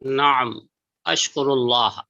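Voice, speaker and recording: A man answering practice drills in a class, repeating his answers quickly after the teacher. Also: mid-range voice, creaky, sharp tone, no echo, muffled recording. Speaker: student.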